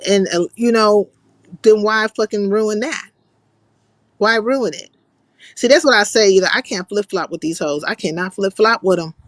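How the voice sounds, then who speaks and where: A woman's voice: medium pitch, no echo. A woman hosts a livestream in a blunt, cursing, freewheeling way, in a mid-range voice. The sound is dry and close. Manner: blunt, profane, reads out chat comments. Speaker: livestream host. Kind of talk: casual livestream chat.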